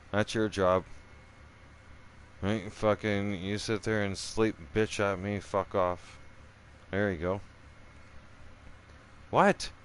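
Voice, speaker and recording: A man's voice: on the low side, slight background noise. A middle-aged man telling a profane, rambling story in casual chat, full of "right?" asides. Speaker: streamer.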